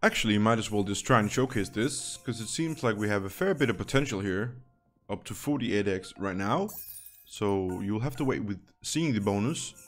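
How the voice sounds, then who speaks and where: A man's voice: fairly low pitch, lively intonation, moderate pace, faint music behind. A man giving casual, chatty commentary while playing a slot game, thinking aloud and dropping wry asides.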